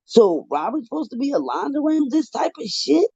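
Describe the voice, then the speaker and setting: A man's voice: very high voice, sing-song, normal speed, creaky, darkish tone, dry recording. A man giving heated, profane live commentary, ranting in an exasperated way on a livestream. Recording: dull lo-fi dry livestream audio.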